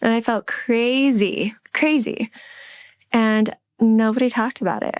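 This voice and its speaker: A woman's voice: on the high side, fairly even intonation, smooth, dry recording. Candid middle-aged woman, dry close sound. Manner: reflective, halting, with restarts. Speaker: podcast co-host. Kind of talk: candid podcast conversation.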